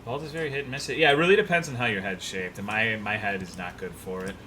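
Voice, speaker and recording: A young man streams a game and chats casually, swearing freely and rambling as he answers his chat. His voice is bright and forward, with a faint hum of room noise behind it. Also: lowish voice, fast. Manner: loose, profane, rambling, reads chat aloud.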